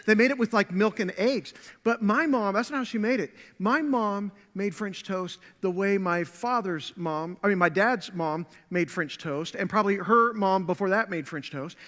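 A male pastor with a notably high voice tells a homey story from the pulpit, chatty and loose, full of little fillers and asides. His voice rings out with a long reverb trailing through the church hall. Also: normal speed, fairly bright tone. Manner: conversational storytelling with many fillers. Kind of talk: sermon. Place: church sanctuary.

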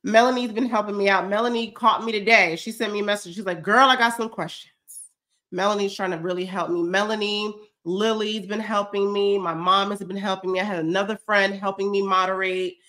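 A woman's voice: mid-range voice, fairly even intonation, fairly quick, a bit bright. A woman, a little stuffy from a cold, chatting effusively as she hosts a fitness check-in livestream and answers viewers' comments. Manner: chatty, effusive, says y'all often. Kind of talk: casual livestream chat reading comments.

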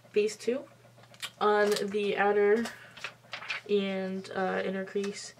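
A woman's voice: mid-range voice, slight background noise. A woman in her twenties telling a story on camera at home while doing her makeup, blunt and emphatic, swearing freely. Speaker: beauty vlogger. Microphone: camera mic.

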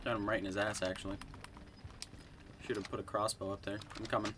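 A young man chatting casually while gaming, excitable and profane, laughing a lot. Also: lowish voice, brisk, slight background noise. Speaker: gamer.

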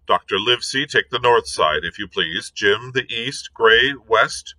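A stern older sea captain, as a man puts him on, curt and commanding. His orders come slowly in a forceful, bright voice. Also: mid-range voice, expressive, full character voice, poor audio.

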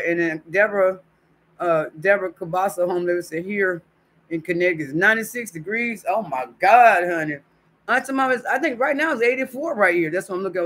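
A man's voice: on the high side, a bit bright. A man hosting a casual livestream, chatting affectionately with viewers and reading their comments aloud. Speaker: YouTube livestream host.

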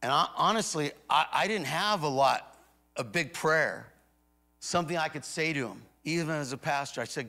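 Pastor preaching, hushed to booming. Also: male voice, lively intonation, normal speed, gravelly. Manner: swings from hushed retelling to loud emphatic declarations. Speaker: guest pastor. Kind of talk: sermon storytelling. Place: church auditorium before a congregation.

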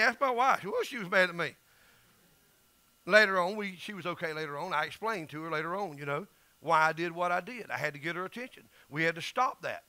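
Folksy Southern preacher man, bright voice. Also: sits high, no echo. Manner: emphatic, folksy storytelling preacher. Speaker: pastor. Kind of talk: sermon.

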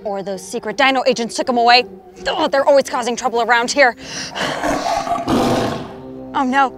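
A woman playing a park ranger in a scripted kids' adventure video, with excitable, exaggerated exclamations. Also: on the high side, quick pace. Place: outdoor theme park. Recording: loud backing music throughout. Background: loud music.

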